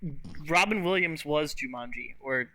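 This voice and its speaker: A young man co-hosting a podcast, retelling movie scenes in animated casual chat, full of fillers and swearing. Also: on the high side, normal speed, crowd noise, rough recording. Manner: animated storytelling with frequent filler words, swears. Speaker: podcast co-host.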